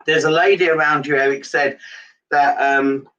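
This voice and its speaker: Rambling male medium, bright tone. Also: a little high, fairly even intonation, normal speed, a little hiss or hum. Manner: rambling, repetitive, hesitant. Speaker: psychic medium. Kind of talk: live-streamed reading. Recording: dull lo-fi sound from a distance.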